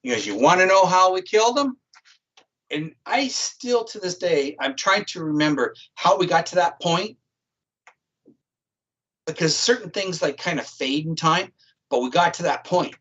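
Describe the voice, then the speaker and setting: A man's voice: fairly high pitch, lively intonation, measured pace, fairly bright tone, husky. A man, a guest on a talk show, telling a story in a blunt, profane, casual way. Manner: blunt and profane, vivid retelling. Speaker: guest, psychic criminal profiler. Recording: dull lo-fi stream audio.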